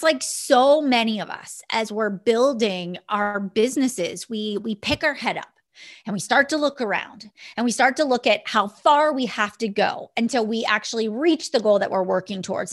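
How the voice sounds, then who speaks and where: A woman's voice: on the high side, normal speed, fairly bright tone. A young woman, a business mentor, telling a motivational story in an earnest, storytelling way. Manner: earnest storytelling, many restarts. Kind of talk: motivational podcast talk.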